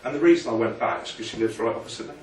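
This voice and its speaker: A man's voice: medium pitch, rapid-fire, a little mellow, a little hiss or hum. A man giving an informal, motivational business presentation to a room of people, chatty and self-deprecating. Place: meeting room with an audience. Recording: echoey room, picked up from a distance.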